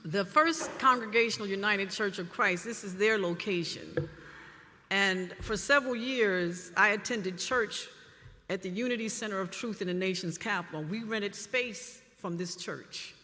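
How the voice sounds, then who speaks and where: A woman's voice: mid-range voice, unhurried, sharp tone. Earnest woman poet in a reverberant hall. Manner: earnest, heartfelt. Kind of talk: live poetry reading and audience talk. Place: church hall at a live event. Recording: reverberant hall, live jazz, audience.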